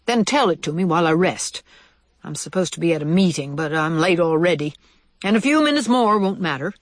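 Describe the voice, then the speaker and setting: A reader voicing an old male white mouse with a limp, cordial and measured in how he speaks. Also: medium pitch, expressive, no room sound, studio quality, lightly acted. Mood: kindly.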